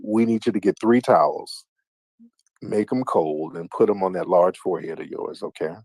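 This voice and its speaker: Gravelly deep-voiced man mocking callers. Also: moderate pace, a little mellow, no echo. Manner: mocking, taunting, sing-song teasing. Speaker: livestream host. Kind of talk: casual call-in banter.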